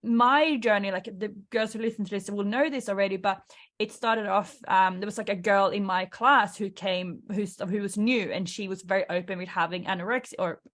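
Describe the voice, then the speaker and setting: A woman's voice: mid-range voice, fairly even intonation, normal speed, a bit bright. A woman hosting a podcast, chatting casually and reacting with short interjections and filler words. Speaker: podcast host.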